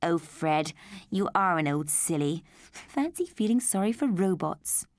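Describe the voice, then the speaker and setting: A woman voicing an anxious mother, pitched up and fretful. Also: expressive, unhurried, dry recording, studio quality. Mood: teasing.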